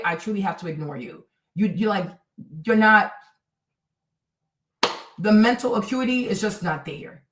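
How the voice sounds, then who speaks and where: A woman's voice: medium pitch, fairly bright tone, reverberant, recorded from a distance, rough recording. A woman livestreaming commentary, reading and answering her chat in a blunt, scolding way, repeating her points.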